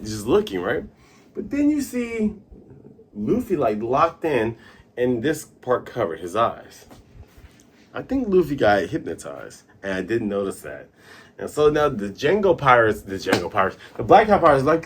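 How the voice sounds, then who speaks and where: A young man hosting a comic review show, casually recapping a chapter and excitedly acting out the characters' lines. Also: medium pitch, slightly rough. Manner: excitable, acts out characters' lines in quick voices. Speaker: manga review host.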